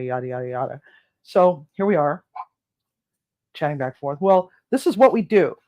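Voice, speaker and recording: A relaxed, chatty home-cooking host spinning a long personal tale at a middling pitch. They slip into little voices for each side of a phone conversation and pad their speech with ums and restarts. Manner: chatty, relaxed, acts out both sides of phone calls; frequent fillers and restarts. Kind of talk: casual storytelling.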